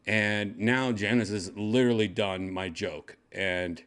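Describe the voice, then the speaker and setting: A man's voice: fairly low pitch, fairly even intonation, unhurried, a bit bright. An older man hosting a casual show from his home, rambling and joking crudely. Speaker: host. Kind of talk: casual chat. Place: second-floor home room.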